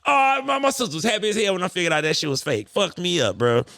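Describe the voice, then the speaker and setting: A man hosting a podcast, telling stories in an animated, profane way. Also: high-pitched, fast talker, no room sound, studio quality. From United States. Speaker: podcast host. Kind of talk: casual podcast chat.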